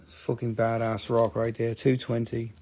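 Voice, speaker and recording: A man's voice: medium pitch, little pitch movement, unhurried, darkish tone. A man selling gemstones on a livestream, talking casually and swearing as he raves about each stone. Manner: casual, profane, enthusiastic about the rocks. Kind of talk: live sales stream.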